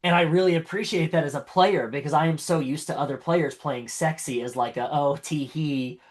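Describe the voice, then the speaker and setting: A man's voice: a little high, brisk. A man chatting casually as a tabletop game player, rambling through compliments with lots of fillers and restarts. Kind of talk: casual post-game feedback chat.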